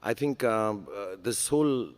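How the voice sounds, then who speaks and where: A man's voice: on the low side, unhurried. A man, a guest speaking candidly on a large conference stage, earnest and self-deprecating with frequent fillers. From India.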